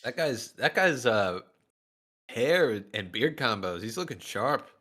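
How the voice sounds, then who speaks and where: A man's voice: medium pitch, very animated, slow, bright, forceful tone. Stammering male co-host, casual banter. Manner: stammering, laughing, repeats words.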